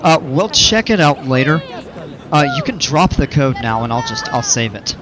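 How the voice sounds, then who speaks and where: A man's voice: mid-range voice, very animated, normal speed, a crowd in the background. A man streaming a park-building game, chatting casually with viewers and rambling off on tangents. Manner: rambling, chatty, explains at length. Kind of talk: casual livestream chat while playing.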